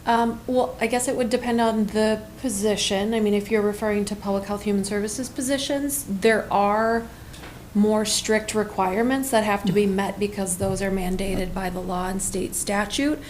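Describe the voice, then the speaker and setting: A county staff member, a woman, explains policy at a public meeting. She speaks in a measured, explanatory way over faint background noise. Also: mid-range voice, steady tone, a little mellow.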